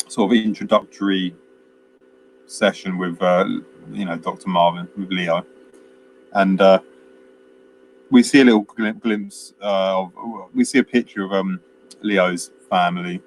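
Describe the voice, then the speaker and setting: A man chats casually about a film, his voice a touch low and wandering through fillers and restarts with small chuckles. He sounds like a podcast co-host recorded at home, with a faint hum behind him. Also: fairly even intonation, poor audio. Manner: rambling, halting, with frequent fillers and chuckles. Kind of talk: casual chat, retelling a film plot.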